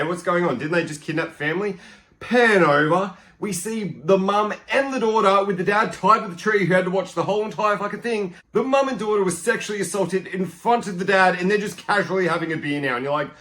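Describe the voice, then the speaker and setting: A young man hosting a podcast, chatting excitedly through a casual film review and acting out lines from it. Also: sits high, a little fast.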